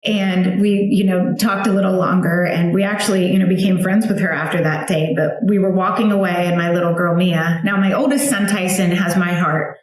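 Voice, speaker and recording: A woman's voice: lowish voice, fairly even intonation, normal speed, hardly any pauses. Woman guest, 30s-40s, chatty and heartfelt, lots of fillers; very roomy echo on the mic. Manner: chatty, emotional storytelling with many fillers. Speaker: guest, founder of a flower outreach for widows. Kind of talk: personal storytelling interview.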